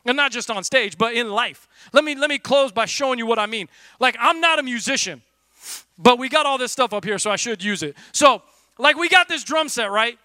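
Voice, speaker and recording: A man preaching a casual, energetic sermon from a church stage, talking loosely with lots of "like" fillers and jokes. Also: very high voice, fairly quick, dry recording. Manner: loose and conversational, full of "like" fillers, jokey. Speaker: pastor.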